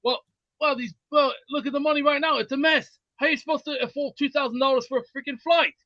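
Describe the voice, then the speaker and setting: A man's voice: extremely high pitch, steady tone, quick pace, dry recording, dull audio. A man who is a regular on a sports show, rambling and stammering through a joking put-on accent. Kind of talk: casual call-in chat.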